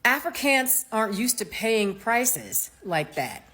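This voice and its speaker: A woman from the United States giving a casual opinion monologue as a commentator, animated and mocking, with slangy asides. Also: fairly high pitch, slow pace.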